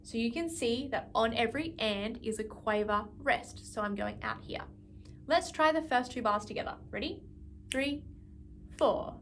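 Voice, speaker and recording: A woman's voice: on the high side, normal speed, background noise. A woman music teacher giving an instrumental lesson, patiently explaining and counting beats aloud.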